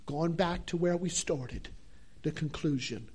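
Give me a high-pitched man preaching a fervent sermon, slow and drawn out. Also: a little mellow, breathy edge.

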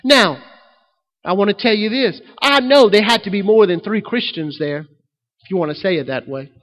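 A man preaching as a pastor, swinging between loud emphatic lines and quiet asides. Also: high voice, normal speed. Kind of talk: sermon. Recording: long hall reverb.

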